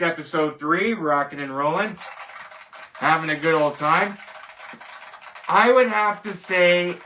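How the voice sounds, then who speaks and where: With a fairly high-pitched, sharp voice, a Canadian host rambles and emphasizes his points on a casual rant show, scoffing at each verdict. The mic picks him up from a distance.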